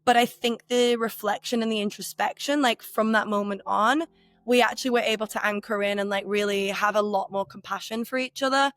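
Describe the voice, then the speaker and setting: Woman in her 30s, podcast co-host, mid-pitched, earnest and open, loose rambling delivery, dry booth sound. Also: steady tone, fairly quick, a bit bright, no room sound. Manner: candid, rambling, many filler "like"s. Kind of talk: casual reflective conversation.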